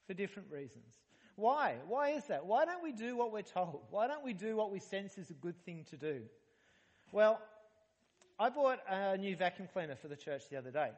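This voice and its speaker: A man's voice: high voice, big-room sound. A man preaching a sermon in a conversational, humorous way, asking his listeners questions. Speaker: pastor. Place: church hall.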